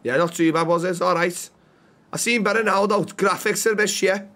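A man's voice: high voice, steady tone, brisk. A man doing a brash, chatty Liverpudlian in a game role-play, calling everyone love and lad. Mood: matey. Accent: put-on Scouse. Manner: loud, matey, calls everyone love and lad.

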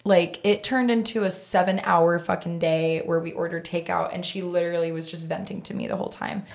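A woman in her thirties with a slightly low voice tells a story in a relaxed podcast chat. She talks candidly and swears freely, with many fillers along the way. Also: brisk, gravelly. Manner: candid and profane, with frequent laughs and fillers. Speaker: guest hairdresser.

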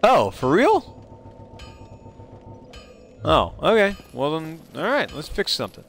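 A man streaming a game live, chatting playfully with viewers and breaking into sudden high exclamations. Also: huge pitch swings, slow pace, gravelly, fairly bright tone, slight background noise. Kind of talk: casual live-stream chat while playing.

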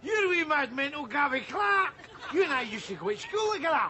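A man with a Glaswegian accent playing a loud, mocking Glasgow street philosopher in a sitcom. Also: extremely high pitch, sing-song, a little fast, noisy background. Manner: brash, mocking, shouty. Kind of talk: sitcom acting.

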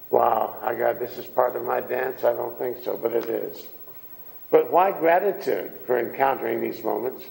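Gravelly-voiced preacher guy, chatty folksy sermon, lots of questions, big echoey church hall. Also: mid-range voice, a little mellow. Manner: conversational, folksy, asks the congregation questions. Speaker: minister.

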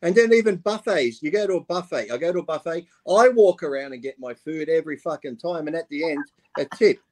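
A man speaking as a guest on a casual show, ranting loudly and cursing. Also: a little high, expressive, quick pace. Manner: loud, profane ranting. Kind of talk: casual chat.

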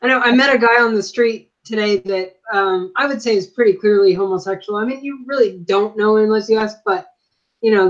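Earnest woman guest on a muffled line. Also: mid-range voice. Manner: earnest, warmly affirming. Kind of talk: casual faith conversation. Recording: muffled lo-fi audio.

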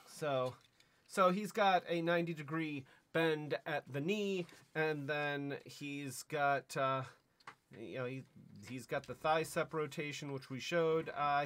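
A man's voice: on the high side, fairly bright tone. A man giving a casual toy review in a playful, rambling, jokey way.

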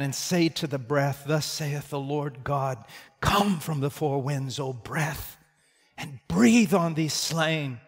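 Impassioned preacher, hushed to shouting. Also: male voice, a little high. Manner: storytelling, swings from hushed to shouting. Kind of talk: sermon. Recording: reverberant hall.

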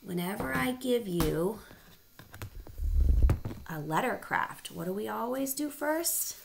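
A woman teacher reads a picture book aloud to young children, stopping to ask them questions. Her voice swings widely in pitch and carries a gravelly edge. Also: noisy background. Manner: animated, asking children questions.

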